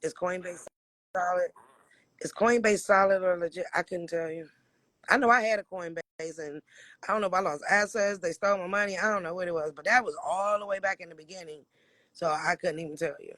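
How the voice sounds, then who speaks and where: Raspy high-voiced man from Michigan. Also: a little fast, bright, forceful tone, no room sound. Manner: blunt, profane, laughs often. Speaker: livestream host. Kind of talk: casual livestream chat answering viewer questions.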